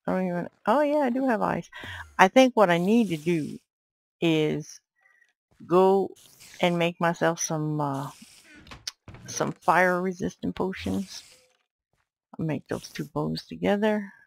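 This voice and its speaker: Woman gamer, slow gravelly delivery, yells at enemies and mutters asides. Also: fairly low pitch, dry recording, rough recording. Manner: exclaims and yells at enemies, then mutters to herself. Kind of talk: let's play commentary.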